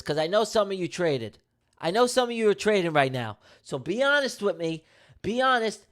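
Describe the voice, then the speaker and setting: A man's voice: high-pitched, sing-song, moderate pace, a bit bright. A man streaming his live day trading, talking casually and emphatically to his chat with slangy, repetitive banter and jokes. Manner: slangy, emphatic, repeats himself; jokey banter with viewers.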